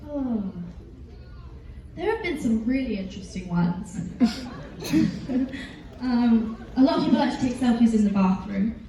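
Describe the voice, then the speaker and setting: A woman's voice: a little high, lively intonation, measured pace, long pauses. A woman answering fan questions at a convention panel, telling rambling stories full of fillers and giggles. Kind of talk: casual convention Q&A. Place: large convention hall. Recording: echoey hall, voice from far off, background noise.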